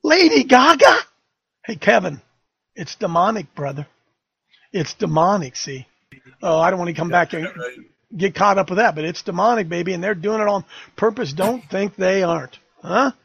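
A man's voice: high voice, normal speed, vocal fry, a bit bright, husky, dry recording, muffled recording. An older man hosting a talk radio show, fiery, emphatic and rambling.

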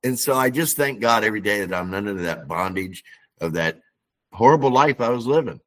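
A man's voice: fairly low pitch, expressive, brisk. A man calling in to give an earnest, emphatic testimony. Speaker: caller. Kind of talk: spoken testimony.

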